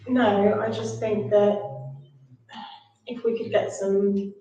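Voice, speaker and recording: A woman councillor offering a practical suggestion in a measured way. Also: mid-range voice, flat delivery, dark tone. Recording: echoey room, distant muffled mic.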